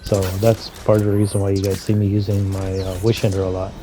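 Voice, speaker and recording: A man's voice: fairly low pitch, flat delivery, fast talker, warm tone, slight background noise. A man giving casual, rambling commentary over video game footage, full of "you know" fillers and mild griping. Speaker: gameplay commentator.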